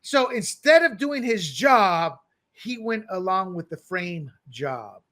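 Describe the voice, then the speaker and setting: A man co-hosting a political talk show, animated and joking, often restarting his words. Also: sits high, takes it slowly. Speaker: podcast co-host. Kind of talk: political commentary chat.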